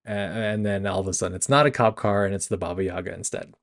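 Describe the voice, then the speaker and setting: A man's voice: low voice, fast, vocal fry, few pauses. A young man hosting a casual film review podcast, retelling scenes with laughs, restarts and self-corrections. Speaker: podcast host. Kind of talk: casual movie review chat.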